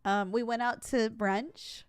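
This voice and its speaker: A woman's voice: on the high side, fairly even intonation, slow, clear, resonant tone, dry recording. A woman streamer chatting casually, telling stories with lots of laughter and fillers. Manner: giggly storytelling, frequent laughs and fillers. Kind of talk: casual chat. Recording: dry close mic, faint music behind.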